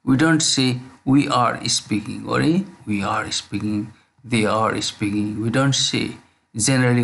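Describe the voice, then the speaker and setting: A man's voice: mid-range voice, a bit bright. A man teaching an English lesson, drilling phrases over and over and checking in with "okay?" after nearly every line. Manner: repetitive, drills phrases slowly, frequent "okay?". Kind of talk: slow spoken English lesson.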